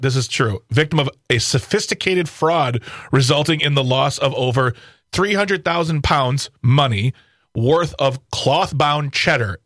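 A man's voice: medium pitch, a bit bright, no room sound, studio quality. A man co-hosting a talk radio show, telling a news story in a wry, playful, joking way. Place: radio studio. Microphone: studio microphone.

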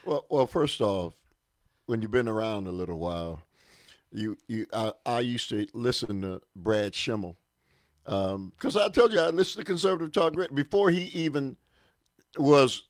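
A man's voice: mid-range voice, moderate pace, dry recording. Dismissive man chatting as a radio guest. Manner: conversational, dismissive, says "man" often. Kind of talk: talk radio discussion.

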